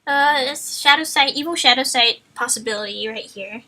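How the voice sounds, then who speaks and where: A woman streamer reading a book aloud on a live stream, often breaking off to chat and joke. Her voice sits high and sounds bright. She rambles and stumbles over words as she reads. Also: normal speed, poor audio. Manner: playful, chatty, loses her place in the text. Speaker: streamer, reader.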